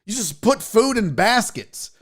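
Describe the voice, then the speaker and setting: Animated, profane podcast host, high voice. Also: male voice, measured pace. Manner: rambling, profane, animated, acts out silly voices. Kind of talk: casual live-stream chat. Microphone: podcast mixer setup.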